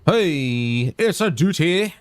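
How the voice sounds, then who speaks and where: A man's voice: a little high, animated, slow, faint music behind. A man casually commenting on his game during a livestream, playful and jokey, muttering to himself as he plays. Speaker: game streamer.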